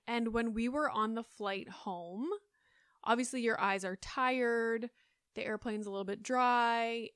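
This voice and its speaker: A woman's voice: fairly high pitch, fairly bright tone, smooth, dry recording, clean studio sound. Chatty woman hosting a solo podcast. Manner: chatty, rambling, many fillers. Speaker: podcast host. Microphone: close studio mic.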